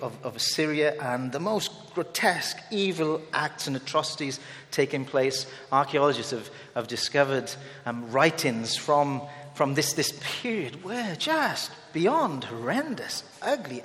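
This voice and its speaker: A man preaching a sermon in an animated way, acting out the people he quotes. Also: on the high side, moderate pace. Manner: animated, dramatizing quoted speech. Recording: long hall reverb.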